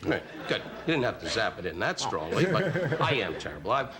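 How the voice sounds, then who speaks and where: A man on a talk show doing quick insult comedy, full of teasing put-downs, heard on an old broadcast. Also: lowish voice, crowd noise. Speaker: comedian guest. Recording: old broadcast with steady background noise.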